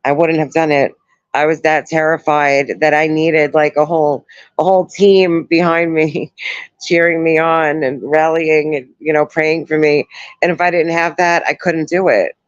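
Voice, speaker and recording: A woman in her thirties chatting on a live stream from home, sore after surgery, soft and emotional as she thanks her viewers. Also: low voice, fairly even intonation, normal speed, no echo. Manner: soft, emotional, greets chat viewers warmly. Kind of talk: casual live stream chat. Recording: dull lo-fi stream audio.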